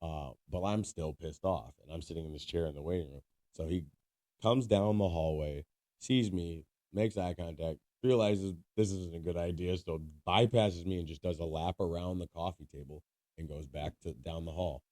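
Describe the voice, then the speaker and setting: A man's voice: moderate pace, warm tone, dry recording, studio quality. A man co-hosting a podcast, telling a story casually, swearing freely and laughing as he goes. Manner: swearing, laughing storyteller who bursts high when quoting. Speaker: podcast co-host.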